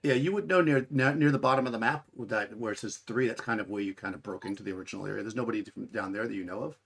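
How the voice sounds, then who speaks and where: A man's voice: fairly low pitch, very fast, gravelly, fairly bright tone, slightly rough. A man narrating as game master of a tabletop game, talking in a rambling way with many restarts.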